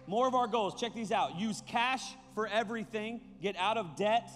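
A man preaching to a young crowd as a youth pastor, joking and animated, talking straight to his listeners. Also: sits high, moderate pace, big-room sound, faint music behind. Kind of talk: sermon.

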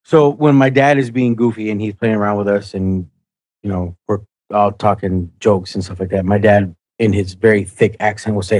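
Brief: male panelist, husky voice, dry close sound, easygoing. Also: on the low side, steady tone, moderate pace, a little mellow, no room sound. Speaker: podcast panelist. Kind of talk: casual chat.

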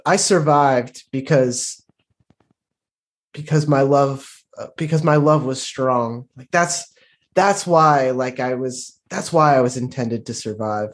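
A man's voice: mid-range voice, slow, close to an everyday voice. Man playing a blunt, defiant young knight.

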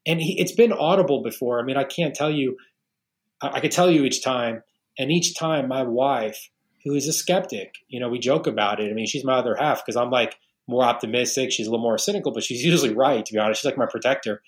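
A man's voice: medium pitch, fast talker. Male guest, forties, from New York, earnest storyteller, casual. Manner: earnest storytelling, many restarts. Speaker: podcast guest, realtor. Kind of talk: casual interview talk.

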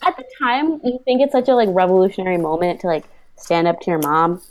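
A young woman co-hosting a podcast, chatting casually and joking around. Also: on the low side. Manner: playful, quick to joke. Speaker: podcast co-host. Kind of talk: casual chat.

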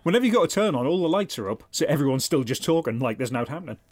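A man's voice: a little high, big pitch swings, racing, no room sound. A man trades dry, sardonic jabs in a casual comedy chat and swears freely. His voice sounds close and dry, with no room around it. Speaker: podcast co-host.

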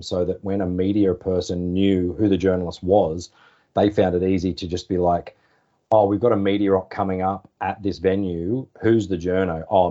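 An Australian man in his forties, a former sports journalist, telling relaxed anecdotes in a podcast interview. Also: deep voice. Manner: relaxed, anecdotal, acts out quoted phone calls. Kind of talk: casual storytelling interview. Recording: slightly dull podcast audio.

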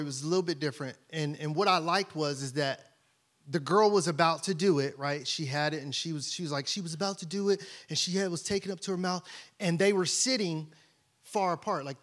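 High-voiced pastor preaching casually. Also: male voice, brisk, fairly bright tone. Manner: conversational, playful, asks the congregation questions. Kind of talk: sermon.

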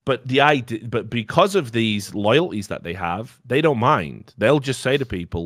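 A man talking on a podcast in a casual, heated rant, blunt and full of swearing. His voice sits at an ordinary pitch, and the recording is close and dry, with no room sound. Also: expressive, moderate pace, hardly any pauses, fairly bright tone, no room sound. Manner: blunt and profane, heated ranting. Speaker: podcast host. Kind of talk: casual opinionated chat.

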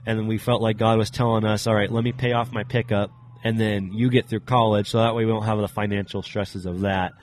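A man's voice: fairly low pitch, level tone, fairly quick, slight background noise. A young adult man sharing a personal faith story as a podcast guest, earnest and rambling with many fillers. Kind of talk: casual personal testimony.

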